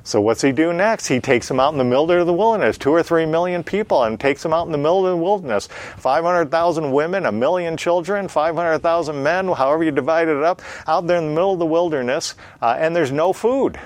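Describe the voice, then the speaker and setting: A man with a slightly high voice talks fast in a recording with no echo. He teaches a Bible lesson like a sermon, posing rhetorical questions and answering them himself with emphatic repetition. His delivery is plain and conversational, full of "uh" fillers.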